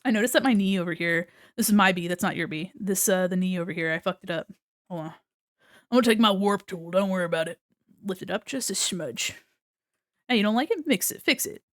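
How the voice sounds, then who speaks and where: A woman's voice: mid-range voice, fairly quick. A woman live-streaming art critiques in a casual, chatty way. She swears casually and reads chat aloud as she draws.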